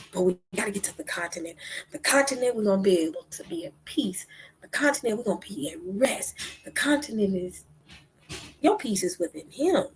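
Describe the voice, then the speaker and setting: A woman giving impassioned religious commentary, asking rhetorical questions and dropping into whispers between loud outbursts. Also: mid-range voice, breathy edge, poor audio. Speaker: online talk host.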